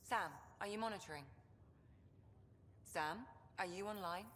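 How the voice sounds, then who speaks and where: An actress playing a composed female alien doctor in a video game, brisk and professional. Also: medium pitch, fairly bright tone, slight background noise, close to an everyday voice. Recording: game audio with long reverb.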